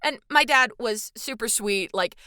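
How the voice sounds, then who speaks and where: A woman co-hosting a podcast in casual chat, expressive and quick to laugh, who does big voices when quoting people. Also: a little high, a little hiss or hum. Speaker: podcast co-host.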